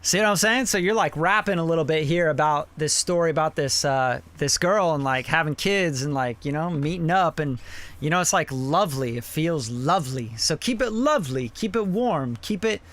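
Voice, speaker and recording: A man's voice: fairly high pitch, lively intonation, moderate pace, a bit bright. A man hosting a live song review, giving blunt, profane mixing feedback in a casual, rambling way. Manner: blunt and profane, with many fillers like "you know".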